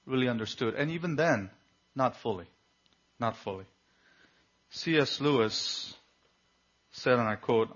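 Guy preaching a sermon, gets quiet then loud and fervent, muffled lo-fi audio. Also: medium pitch. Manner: fervent, swings from hushed to loud. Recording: dull lo-fi recording.

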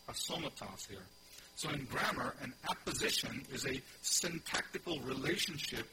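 A man preaches a teaching sermon in a middle-pitched voice, stressing and repeating key phrases and asking his congregation questions. The recording carries steady background noise and a low hum. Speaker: pastor.

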